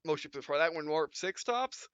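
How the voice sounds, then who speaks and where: A man's voice: on the high side, lively intonation, moderate pace, a bit bright, clean tone, no room sound. A man hosting a let's play, rambling casually and correcting himself as he stumbles over words. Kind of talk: casual gameplay commentary. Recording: dull lo-fi dry recording.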